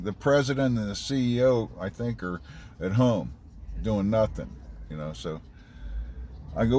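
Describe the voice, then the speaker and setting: Sıradan bir anlatıcı adam, eski taksi şoförü; sohbet havasında, küfürlü konuşuyor ve diyalogları canlandırıyor. Arkada hafif bir araç sesi duyuluyor. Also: male voice, medium pitch, fairly quick, a little mellow, a little hiss or hum. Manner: conversational, profane, acts out quoted dialogue. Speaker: storyteller, former cab driver and dispatcher. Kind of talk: casual anecdotal storytelling.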